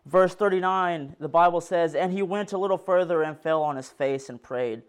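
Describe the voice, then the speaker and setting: A man delivers a sermon in a fairly high, smooth and resonant voice. He reads scripture aloud earnestly, pressing some phrases harder and letting others drop low. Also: normal speed, few pauses. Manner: earnest preaching that reads scripture aloud, rising and falling in force. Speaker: preacher.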